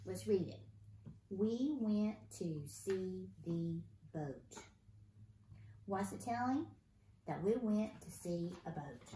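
A woman teaching a first grade phonics lesson, sounding out letters slowly and asking encouraging questions. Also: medium pitch, mellow. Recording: roomy echo, faint room noise.

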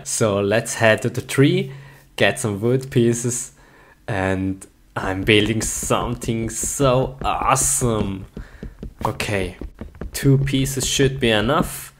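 A man's voice: lowish voice, slow pace, slight background noise. A man in a comedic skit casually narrating his actions as a game player, with frequent giggles.

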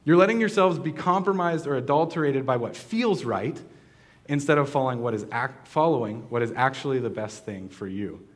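A man's voice: mid-range voice, expressive, a little fast. A man giving a sermon as pastor, in a casual, conversational way with many fillers and restarts, asking the congregation questions.

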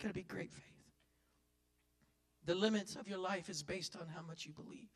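Man, pastor, fiery folksy sermon, high-pitched. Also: huge pitch swings, normal speed, pauses often. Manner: folksy preaching, building to loud impassioned cries.

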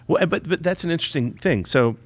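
A man's voice: a little high, lively intonation, fast talker. A man co-hosting a podcast, chatting casually and making his points emphatically. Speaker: podcast co-host.

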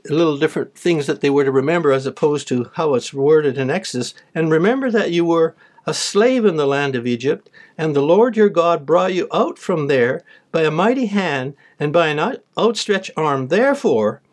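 A man's voice: a little high, lively intonation, moderate pace, hardly any pauses. A man giving a sermon, reading Bible verses aloud and then explaining them in plain words. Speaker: preacher.

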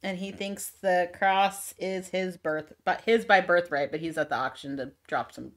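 A woman with a lowish voice chats casually as a book club podcast co-host. She walks through the story scene by scene, now and then slipping into quick quoted lines from the characters. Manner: recaps plot with quick mock quotes of characters.

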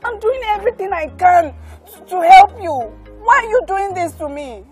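A woman's voice: extremely high pitch, expressive, normal speed, a little mellow, faint music behind. A woman with a Nigerian English accent playing a devoted, pleading girlfriend in a film drama. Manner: pleading, emotional.

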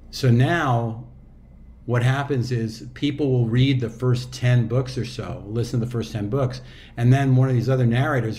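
A man in his sixties, an audiobook narrator and actor, chatting as a guest in a relaxed, reflective way with loose fillers and restarts. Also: mid-range voice, a little hiss or hum. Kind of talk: casual interview chat.

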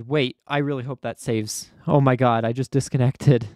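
A young man casually commenting on his own gameplay, thinking aloud, stammering and getting excited. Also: mid-range voice, moderate pace, no echo. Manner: talks to himself, stammers, excitable. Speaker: gaming YouTuber. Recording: dry close sound with keyboard typing.

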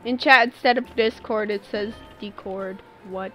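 A woman's voice: mid-range voice, steady tone, measured pace, bright, forceful tone, faint music behind. A woman in her twenties chatting casually and slangily as she streams a game. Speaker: live streamer. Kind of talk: casual chat while gaming on stream.

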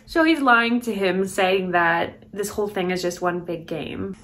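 A young American woman watching a film for the first time and reacting out loud, giggly and emotional. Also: medium pitch, a little slow, a little hiss or hum. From United States. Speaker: reaction vlogger. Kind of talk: casual reaction commentary. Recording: film soundtrack playing behind.

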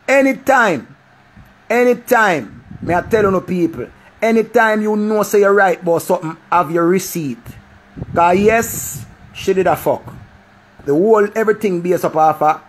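Jamaican male vlogger, fairly high voice, animated and repetitive, profane commentary. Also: normal speed. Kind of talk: casual commentary.

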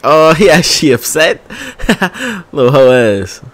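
This is a young man doing casual anime reaction commentary, excitable and full of slang with frequent laughter. His voice sits a bit high for a man, and he talks at an unhurried, drawn-out pace.

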